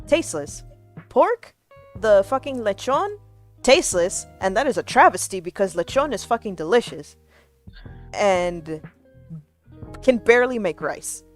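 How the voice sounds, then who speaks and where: A woman's voice: medium pitch, a little slow, pauses often, faint music behind. Woman ranting with cheerful profanity. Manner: profane, animated ranting with laughs. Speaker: streamer. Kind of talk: casual chat on a livestream.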